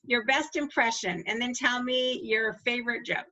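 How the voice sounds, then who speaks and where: A woman's voice: a little high, normal speed, pushed and bright, muffled recording. A woman hosting an interview, reacting with enthusiastic praise. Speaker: host. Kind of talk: interview talk show.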